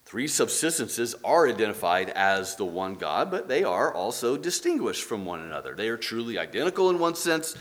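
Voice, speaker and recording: A man teaching a church class in an earnest, explanatory way. His pitch moves a lot, climbing when he presses a point and dropping low as he winds down. He works through examples and asks questions aloud. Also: big pitch swings, normal speed, few pauses, fairly bright tone. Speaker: Bible teacher.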